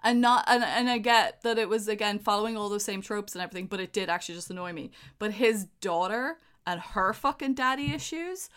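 A woman's voice: mid-range voice, brisk, few pauses, fairly bright tone, clear, resonant tone. A woman co-hosting a podcast in casual chat, giggling often and swearing freely as she rants with enthusiasm. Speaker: podcast co-host. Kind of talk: casual chat reviewing a film.

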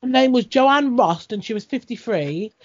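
A woman's voice: fairly high pitch, expressive, moderate pace. A woman in a casual chat, blunt and sweary, telling stories with laughs. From Britain. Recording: dull lo-fi audio.

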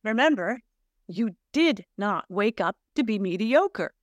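A woman's voice: mid-range voice, sing-song, slow pace, dry recording, clean studio sound. A middle-aged woman hosting her own podcast, talking in an earnest, searching way and asking her listeners many rhetorical questions. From Sweden. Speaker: podcast host. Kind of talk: reflective solo podcast monologue.

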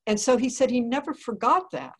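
A woman telling a story in an earnest, deliberate way, like a spiritual talk to listeners. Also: on the high side, husky.

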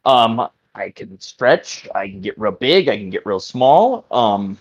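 A man's voice: medium pitch, moderate pace, lightly acted. A man voicing a nervous, broke young stretchy hero who hesitates and fills his speech with ums. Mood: unsure. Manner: hesitant, full of ums, eager to please. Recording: dull lo-fi audio.

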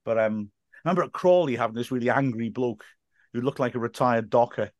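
A man who works as a football commentator, telling stories as a podcast guest in lively, laugh-filled casual chat. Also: mid-range voice, fairly quick, dry recording. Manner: animated storyteller, laughs often, acts out quotes.

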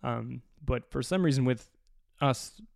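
A man hosting a podcast, telling a long personal story in a profane, animated, self-mocking way. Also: medium pitch, unhurried, creaky, no echo, studio quality. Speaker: podcast host. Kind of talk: casual storytelling.

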